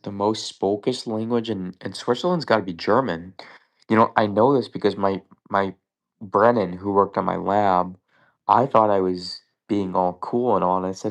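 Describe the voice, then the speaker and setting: A man's voice: low voice, fairly even intonation, normal speed. A young man hosting a live trivia stream, thinking aloud in casual chat and often stammering and correcting himself.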